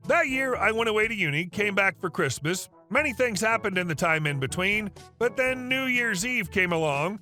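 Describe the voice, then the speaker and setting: A man narrates online stories in a wry, scripted way. His voice is high and bright. Faint music plays underneath. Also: expressive, moderate pace, hardly any pauses.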